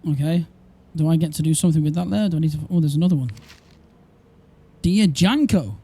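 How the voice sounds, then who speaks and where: A streamer giving let's play commentary, reading game text aloud with joking asides. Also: male voice, fairly high pitch, steady tone, racing, dark tone, slightly rough. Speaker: gameplay streamer.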